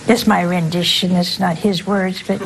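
A woman's voice: on the low side, fairly even intonation, moderate pace, vocal fry, very noisy. An older woman, a nun, giving an informal, folksy sermon, often asking her listeners questions. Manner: folksy, conversational, asks audience questions. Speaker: nun preaching.

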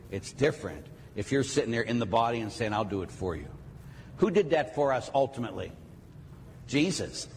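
A middle-aged man, a priest, giving a lively sermon talk full of joking stories and acted asides. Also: a little high, slight background noise. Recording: long hall reverb, faint ambience.

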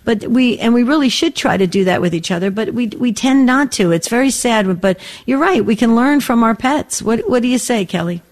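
A woman's voice: on the high side, expressive, brisk, few pauses. A woman co-hosting a call-in radio show, talking in an emphatic, affirming way.

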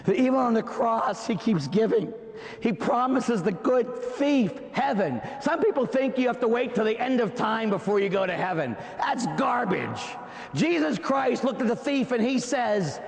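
A man preaching an impassioned sermon, often shouting, with dramatic pauses. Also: very high-pitched, big pitch swings, creaky, big-room sound.

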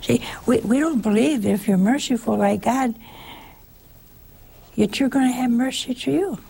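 Woman giving a chatty sermon, gravelly and a bit raspy, keeps asking the crowd questions. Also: fairly high pitch, normal speed, mellow. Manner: folksy, asks the listeners rhetorical questions. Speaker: preacher. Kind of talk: conversational sermon.

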